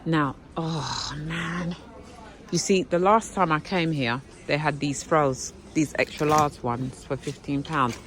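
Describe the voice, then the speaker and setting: A woman's voice: deep voice, slow pace, poor audio. Chatty woman browsing a shop. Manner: chatty, exclamatory, talks to viewers while browsing. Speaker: vlogger. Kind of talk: casual shopping vlog chat. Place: indoor shop.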